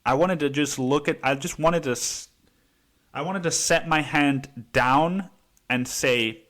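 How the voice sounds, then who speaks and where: Fairly bright and a little high, this podcast host's voice moves at a measured pace. His casual monologue tells a story heatedly, full of profanity and frequent "dude"s.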